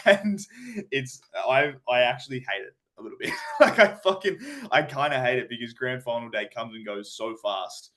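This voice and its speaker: A man's voice: medium pitch, expressive, brisk, bright, forceful tone. A man with an Australian accent co-hosting a casual sports podcast, ranting with frequent swearing and laughter. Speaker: podcast co-host.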